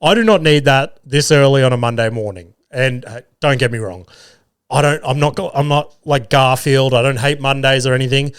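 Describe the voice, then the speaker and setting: An Australian man in his thirties hosts a podcast, rambling through an everyday story as a casual storytelling monologue at a moderate pace. His ordinary middle-pitched voice has a clean tone and is recorded close and dry, with no room sound or echo, and he swears freely and jokes at his own expense with self-deprecating humour.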